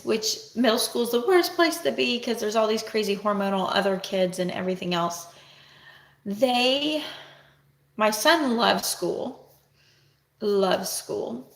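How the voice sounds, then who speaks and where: A woman's voice: mid-range voice, vocal fry, fairly bright tone. A middle-aged woman vlogging about family life in a candid, rambling, self-reflective way. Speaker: vlogger, homeschooling mother. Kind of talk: casual talk to camera. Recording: echoey room with faint noise.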